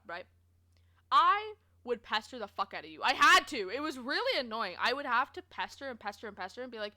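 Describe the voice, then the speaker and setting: A young woman streamer from Canada, casually telling stories to her chat, expressive and swearing freely. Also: on the high side, moderate pace. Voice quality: expressive, swears, laughs often.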